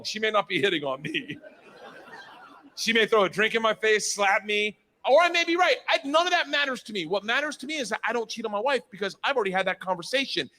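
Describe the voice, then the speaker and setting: A male stand-up comedian who tells his story loudly and with animation, sometimes bursting into shouts. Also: high voice.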